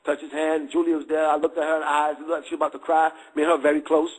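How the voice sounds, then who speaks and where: A man's voice: fairly high pitch, flat delivery, very fast, low-quality recording. A middle-aged man giving a candid testimony in street slang, checking again and again that listeners follow.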